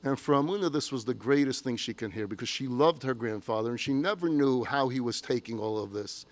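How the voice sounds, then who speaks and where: A man, a rabbi, telling a story in a sermon with an expressive, emotive delivery. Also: medium pitch, a little fast.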